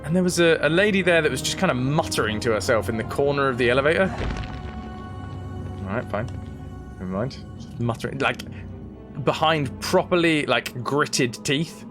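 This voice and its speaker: A young man streaming a game, telling stories and chatting with his viewers in a lively, casual way. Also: mid-range voice, brisk, music in the background. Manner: animated, chatty storytelling to viewers. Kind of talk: casual chat while playing a game.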